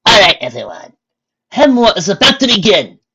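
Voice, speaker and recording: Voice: medium pitch, expressive, moderate pace, pitched above the performer's own voice, close to an everyday voice. A reader playing a hearty motherly mare ruler. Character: warm motherly female horse ruler.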